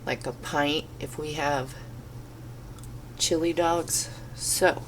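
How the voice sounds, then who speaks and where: Congested woman doing a canning video, slowish low voice, pots clanking in the kitchen. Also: fairly even intonation, slight background noise. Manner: slow, unhurried, rambling explanations. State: stuffy and congested. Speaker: home canning vlogger. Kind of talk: casual kitchen how-to chat. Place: home kitchen. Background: kitchen clatter of pots and utensils.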